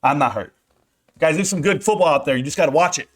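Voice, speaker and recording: High-voiced brash man ranting about football. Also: very fast. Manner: brash, trash-talking, addresses viewers as guys and bro. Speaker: sports vlogger. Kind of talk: off-the-cuff football rant.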